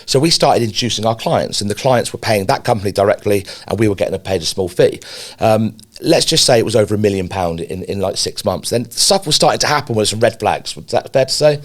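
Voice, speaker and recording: Brief: man, fast, animated storytelling, cursing, lower-pitched voice. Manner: animated storyteller, swears freely, repeats words when worked up. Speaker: podcast co-host. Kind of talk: casual business podcast chat.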